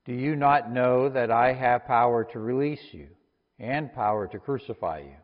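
Pilate, an uneasy Roman governor questioning a prisoner, read by a man in plain, medium-pitched tones. The audio is dull and lo-fi, with a long reverb. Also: normal speed, lightly acted.

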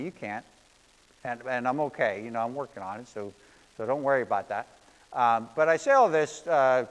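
Earnest male pastor in a reverberant hall. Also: mid-range voice. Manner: earnest, storytelling, self-deprecating asides. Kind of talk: sermon.

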